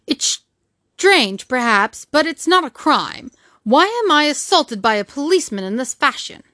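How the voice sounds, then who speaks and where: A man's voice: very high-pitched, sing-song, measured pace, pushed and bright, dry recording, clean studio sound, exaggerated voice. A woman reading the part of an irritable invisible man, scornful and indignant, in an audiobook. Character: irritable invisible man, a sharp-tongued stranger.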